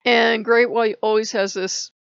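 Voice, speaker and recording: A woman's voice: fairly high pitch, steady tone, unhurried, vocal fry, smooth, no echo. A woman vlogging in a rambling, chatty way, often laughing as she talks. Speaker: spiritual vlogger. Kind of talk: casual chat. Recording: dry, slightly muffled lo-fi.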